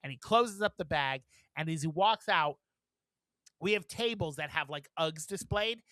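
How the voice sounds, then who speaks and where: A man co-hosting a podcast, telling work stories in a casual, animated way and acting out what people said with big swings in voice. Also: normal speed, dry recording. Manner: animated, acts out quotes with big jumps in pitch and volume. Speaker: podcast co-host. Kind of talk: casual storytelling chat.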